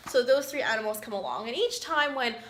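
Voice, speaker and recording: A woman's voice: fairly high pitch, lively intonation, fairly quick. A woman, a doctor and mother, reading a picture book aloud and chatting about it in an encouraging manner. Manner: chatty, warm, encouraging, many fillers. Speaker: physician reading to children.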